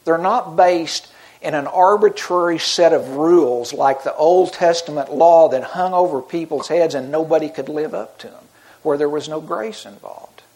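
A man's voice: on the high side, normal speed, a little mellow. A middle-aged man preaching a sermon in an earnest, conversational way, often restarting his sentences. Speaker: pastor.

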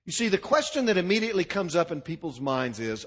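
A man preaching a sermon, driving his points home with punchy repeated lists. His voice sits fairly high and moves in lively, wide swoops of pitch. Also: fast, hardly any pauses, slightly rough. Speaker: pastor.

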